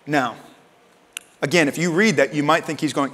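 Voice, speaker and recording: A man preaching a sermon as pastor in a conversational way, acting out quoted lines in lively voices. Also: fairly high pitch, normal speed. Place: church sanctuary. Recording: long reverb of a church hall.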